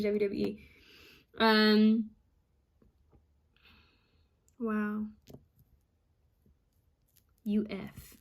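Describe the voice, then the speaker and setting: A woman psychic medium reading out channeled messages, repeating each word she hears and pausing often with ums. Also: mid-range voice. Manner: hesitant with frequent ums.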